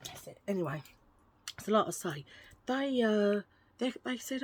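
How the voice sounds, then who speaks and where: A woman's voice: mid-range voice, expressive, moderate pace, pauses often, a little mellow, slight background noise. A middle-aged woman, chatting in a rambling, jokey way to her viewers about her shopping finds. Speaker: vlogger. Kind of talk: casual haul vlog chat.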